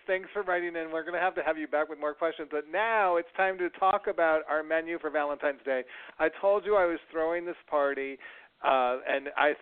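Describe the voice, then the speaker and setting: A man from the Northeast US hosts an upbeat talk show, reading listener questions to his guest. His voice is smooth and clear, but it comes through a tinny, phone-like band. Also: on the high side. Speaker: host. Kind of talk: friendly talk show hosting. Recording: tinny phone-like radio sound.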